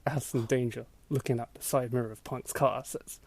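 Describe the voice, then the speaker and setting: Male podcast host, mid pitch, dry close mic, reads a story aloud for laughs and cracks up often. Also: steady tone, fairly quick, no room sound. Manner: laughing through a mocking read, acting out voices. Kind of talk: comedic dramatic reading of an old blog post.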